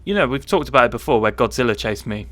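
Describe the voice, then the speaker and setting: A man's voice: medium pitch, expressive, fast talker, fairly bright tone, dry recording. A man co-hosting a casual livestream, joking around and trying tongue twisters. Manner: jokey, trying out tongue twisters and mock accents. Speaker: livestream co-host.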